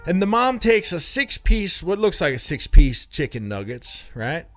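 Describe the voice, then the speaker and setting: Animated man telling a funny story. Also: on the high side, measured pace, faint music behind. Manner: chatty, keeps checking in with "right?"; wry, mock-outraged asides. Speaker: comedic storyteller. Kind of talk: casual comedic anecdote.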